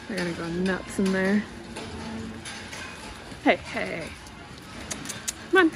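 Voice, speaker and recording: A woman's voice: mid-range voice, animated, takes it slowly, long pauses. A young woman on a farm, out of breath and flustered, coaxing loose cows and talking to herself while she films. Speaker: farm vlogger. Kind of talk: casual vlog narration while herding cows. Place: outdoors on a farm, among cows. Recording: noisy outdoor farm recording.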